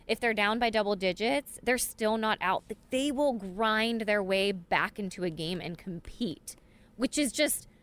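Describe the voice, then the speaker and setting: A woman co-hosting a casual sports chat, animated and laughing often, with lots of fillers. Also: medium pitch, a little slow, smooth. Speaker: podcast co-host.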